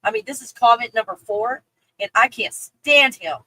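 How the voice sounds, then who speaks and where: A woman's voice: on the high side, animated, moderate pace, sharp tone, breathy edge, rough recording. A woman hosting a casual livestream, reading viewer comments and ranting with lots of swearing and laughter. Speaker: livestream host.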